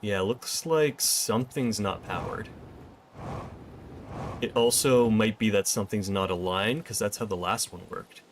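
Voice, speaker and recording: A fairly low-voiced man streaming a game, talking through what he finds as he goes. He chats easily with viewers and thanks them by name. Faint ambient noise sits behind him. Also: measured pace. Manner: thinks aloud and chats with viewers. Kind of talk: casual gameplay commentary.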